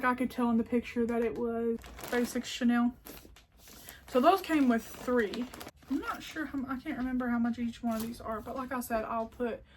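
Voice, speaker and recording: Indoors at home, this Southern country-accented woman talks through a yarn haul with casual rambling and plenty of "like." Her pitch is fairly high, a faint hiss or hum sits under the recording, and now and then she goes almost to a whisper. She's a crafting vlogger.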